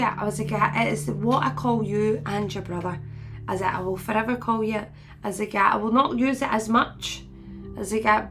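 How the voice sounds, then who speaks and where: A woman's voice: mid-range voice, gravelly, fairly bright tone. A woman in her forties chatting casually to viewers, rambling and laughing often as she retells conversations. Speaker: spiritual medium host.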